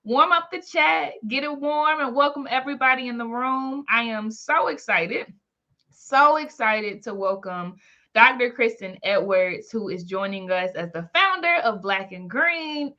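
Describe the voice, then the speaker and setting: Woman, webinar host, bright tone, slightly high voice, lo-fi call audio. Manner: energetic, shouts out chat names. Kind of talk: lively webinar hosting. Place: home, in Maryland.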